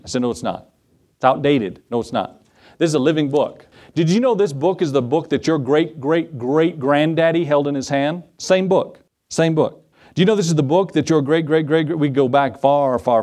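A man's voice: fairly high pitch, darkish tone. A man in the role of pastor, preaching a sermon in a church, conversational, with asides and questions to the congregation. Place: church sanctuary.

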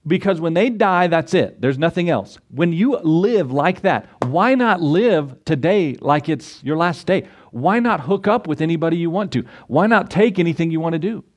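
Man, pastor, sermon, rhetorical questions, slightly high-pitched. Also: animated, moderate pace, hardly any pauses. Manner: emphatic preaching, rhetorical questions, acts out quoted voices.

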